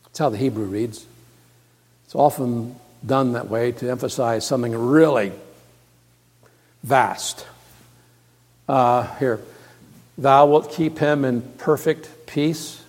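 A male pastor preaching a sermon, moving from hushed, quiet passages to loud, emphatic ones and repeating key words. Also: medium pitch, takes it slowly, pauses often. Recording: long reverb of a large hall.

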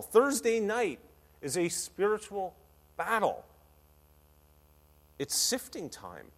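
A man preaching a sermon as a pastor, energetic and playful, with big swings in loudness. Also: high-pitched, takes it slowly, long pauses. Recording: long hall reverb.

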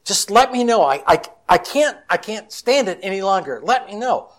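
A man voicing a fretful middle-aged wife who pleads in a high, flustered voice. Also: lively intonation, normal speed. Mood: frantic.

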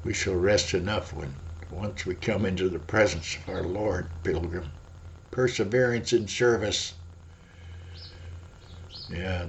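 A man preaching a devotional sermon in a slow, dramatic delivery. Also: on the low side. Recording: dull lo-fi audio.

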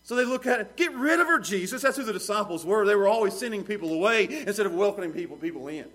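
A middle-aged man preaching with a high, lifted voice. He swings between hushed asides and loud, pleading outbursts, acting out the people in his story. His delivery is lively and theatrical. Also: rapid-fire. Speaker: pastor. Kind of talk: sermon.

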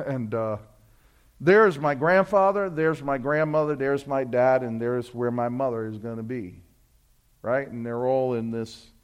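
Male pastor, high-pitched and deliberate, theatrical sermon storyteller who swells to loud cries. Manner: storytelling preacher, acts out voices, swells to shouts.

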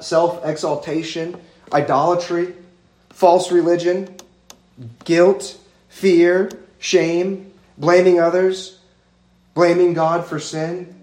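Guy preaching a sermon, kinda high voice, leans hard on each word, roomy echo. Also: a little mellow. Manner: earnest, emphatic, builds lists of words one at a time. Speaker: pastor. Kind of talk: expository sermon.

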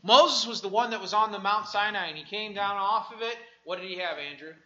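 A man preaching as a pastor, animated, moving from soft asides to loud outbursts, in a dull lo-fi church recording. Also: high voice, a little fast. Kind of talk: sermon.

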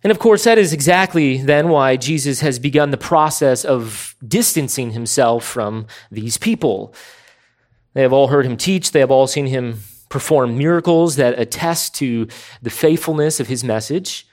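Emphatic male preacher, deliberate delivery. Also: medium pitch, darkish tone. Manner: emphatic, deliberate, slows for stressed words. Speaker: pastor. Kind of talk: expository sermon.

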